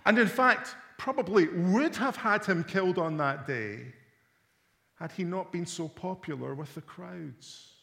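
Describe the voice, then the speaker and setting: A man preaching a sermon, dramatic, swinging from loud emphatic lines to hushed low ones. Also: a little slow, gravelly.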